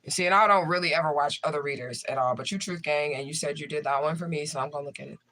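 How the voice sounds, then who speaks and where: A man's voice: on the high side, rapid-fire, sharp tone. A man, a tarot reader, chatting casually and profanely to his livestream viewers.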